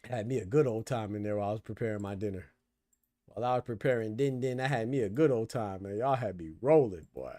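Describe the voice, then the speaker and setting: A male boxing podcast host gives casual live commentary in loose slang, laughing hard at jokes. His voice is fairly low, quick, and dark-toned, with clean, echo-free studio sound.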